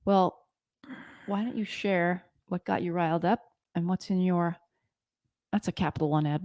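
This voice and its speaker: A woman co-hosting a casual chat over drinks, speaking in a fairly low voice. She teases and chimes in playfully, and the sound is dry and close to the mic. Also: steady tone, normal speed, pauses often, a little mellow, dry recording. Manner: teasing, playful interjections. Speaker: podcast co-host.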